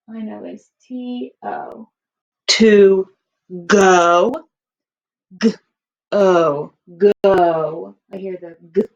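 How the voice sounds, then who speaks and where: A woman's voice: mid-range voice, creaky, darkish tone, highs cut off. A woman teaching a kindergarten writing lesson, stretching out words and sounds for young children.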